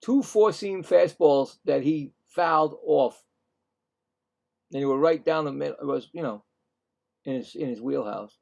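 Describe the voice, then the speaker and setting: Excitable man calling baseball play-by-play. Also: on the high side, vocal fry, dull audio. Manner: excitable, jumps louder on big plays, chatty asides; acts out players' thoughts in quick asides. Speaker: play-by-play commentator. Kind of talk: live baseball play-by-play commentary.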